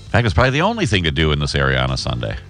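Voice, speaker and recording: A man with a very low voice hosts a local radio show in a folksy, joking way. His pitch swings freely as he chats. A faint music bed plays under him. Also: wildly swooping pitch, rapid-fire, fairly bright tone. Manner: folksy, chatty, self-deprecating. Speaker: radio host. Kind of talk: casual radio banter.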